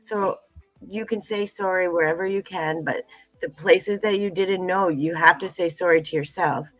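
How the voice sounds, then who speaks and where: A woman's voice: fairly low pitch, fairly even intonation, normal speed, no echo, soft background music, low-quality recording. A middle-aged woman talking earnestly in a livestream conversation, repeating phrases and using many fillers. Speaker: tea business founder, guest.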